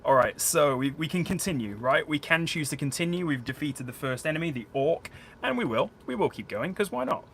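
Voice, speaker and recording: A man's voice: fairly high pitch, lively intonation, fairly quick, fairly bright tone. A man from a small town outside Sheffield with a South Yorkshire accent, chatting casually to viewers on a live stream as he plays a solo board game and explains the rules. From small town outside Sheffield, England. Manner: chatty, rambling, thinks aloud, talks to viewers. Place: indoors at home, curtained room. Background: faint boiler noise.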